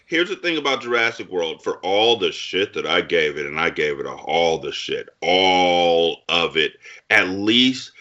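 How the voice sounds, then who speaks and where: A man's voice: low-pitched, big pitch swings, measured pace, hardly any pauses, bright, forceful tone, lo-fi sound. A man co-hosting a casual movie review chat, ranting bluntly with emphatic profanity. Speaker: podcast co-host.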